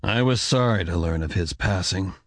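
A man voicing the measured, diplomatic head of a scholarly order. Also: low-pitched, no echo. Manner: calm, careful, diplomatic.

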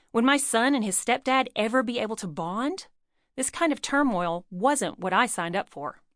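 A woman's voice: mid-range voice, a bit bright, no echo, clean studio sound. A woman reading her own book aloud in an earnest, personal storytelling manner. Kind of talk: audiobook narration.

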